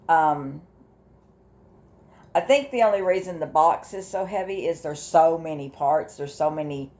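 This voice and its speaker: An older woman, talking casually in a personal vlog, halting with fillers and restarts, emotional and close to tears at times. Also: deep voice, darkish tone. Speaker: vlogger sharing her grief journey.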